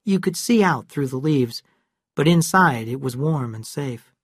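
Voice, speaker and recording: A narrator reading a classic novel aloud in slow, clear, evenly paced English for learners. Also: medium pitch, lively intonation, no echo, clean studio sound.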